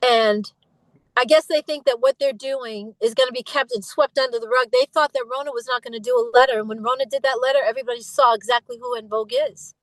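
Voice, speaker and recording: A middle-aged woman, appearing as an interview guest, talks quickly in a slightly high voice with fairly even intonation. She's emphatic and impassioned in this candid conversation, slipping into imitations whenever she retells what others said. The recording is rough, with no room sound.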